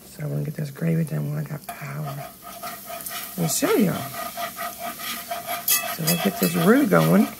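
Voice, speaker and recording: A hoarse woman, chatting to viewers while she cooks in her home kitchen, filmed on a handheld phone. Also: low-pitched, big pitch swings, unhurried, pauses often, noisy background. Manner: chatty, talks straight to viewers. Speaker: home cooking channel host. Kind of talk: casual cooking demonstration. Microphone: phone held in one hand.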